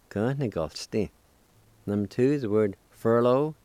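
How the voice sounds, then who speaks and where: A man's voice: fairly low pitch, lively intonation, normal speed, dark tone, no room sound. A man teaching a recorded pronunciation lesson, spelling and sounding out words syllable by syllable, with a few encouraging words. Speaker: language teacher.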